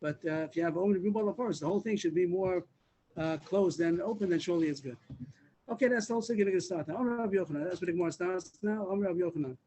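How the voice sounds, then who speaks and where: A man leads a Talmud class over a video call, speaking quickly in a mellow, dark voice. He repeats words and restarts as he explains each step. A faint room hum sits behind him. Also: high-pitched, poor audio. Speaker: Talmud teacher. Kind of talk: Daf Yomi class.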